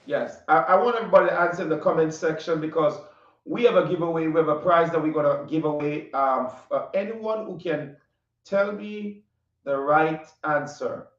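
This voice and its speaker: A man with a Caribbean accent hosting a casual interview, animated, often laughing and repeating his questions. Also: a little high, moderate pace. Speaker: interview host. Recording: distant, roomy, dull audio.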